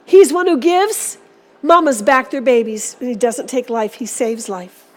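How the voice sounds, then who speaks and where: Woman preaching in church, high voice, earnest and exhorting. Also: measured pace. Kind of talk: sermon.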